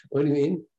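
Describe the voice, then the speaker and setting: Teaching his daily class in a casual, conversational way, a rabbi with a slightly high voice repeats his points and throws out rhetorical questions. The audio sounds dull.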